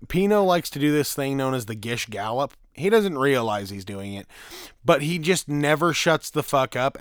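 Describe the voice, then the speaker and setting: A man's voice: medium pitch, fairly bright tone, no room sound, clean studio sound. A man chatting on a podcast, crude and rambling, laughing at his own jokes. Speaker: podcast co-host. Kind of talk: crude casual podcast banter.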